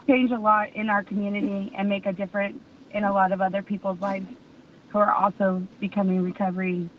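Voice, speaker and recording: A woman's voice: medium pitch, a little hiss or hum. A woman reading an earnest statement at a parole hearing, with some hesitant fillers. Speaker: public commenter at parole hearing. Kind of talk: read public statement. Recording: tinny distant phone line.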